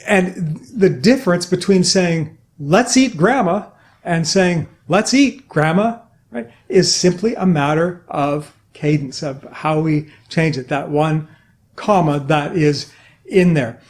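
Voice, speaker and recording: Man coaching on voice, lively teaching. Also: a little high, slow pace. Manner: energetic, demonstrates with his voice. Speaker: communication trainer. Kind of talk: instructional talk to camera.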